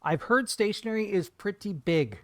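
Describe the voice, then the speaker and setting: A man's voice: high-pitched, animated, normal speed, a bit bright. A man streaming live while he paints, chatting with viewers in a playful, jokey way. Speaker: art streamer.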